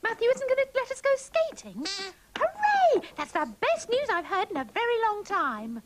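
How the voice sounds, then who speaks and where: A woman's voice: very high-pitched, big pitch swings, fairly quick. A woman voicing a chatty, bossy young female panda puppet who giggles and schemes. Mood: chirpy scheming. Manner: sing-song, giggly, scheming. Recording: hissy old VHS tape.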